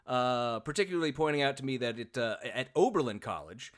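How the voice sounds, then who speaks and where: A man's voice: medium pitch, animated, a little fast. A man hosting a podcast in casual chat, talkative and self-deprecating, with plenty of filler words. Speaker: podcast host.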